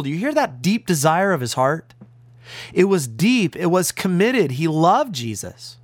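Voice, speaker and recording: A man's voice: on the high side, sing-song, a little slow, no room sound. A man as a pastor preaching a radio sermon, earnest and emphatic, leaning on key words. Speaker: pastor and radio Bible teacher.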